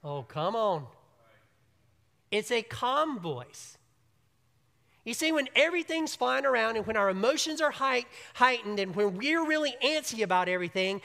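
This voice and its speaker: A pastor preaching a morning sermon, swinging between emphatic loud passages and hushed, quiet stretches. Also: medium pitch, expressive, normal speed, creaky, in a large hall. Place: church sanctuary.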